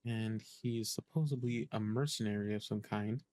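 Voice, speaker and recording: A man's voice: on the low side, moderate pace, dark tone, dry recording. Male streamer, casual game commentary, hesitant, thinks aloud, dry mic. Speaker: gaming streamer. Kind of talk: casual let's-play commentary.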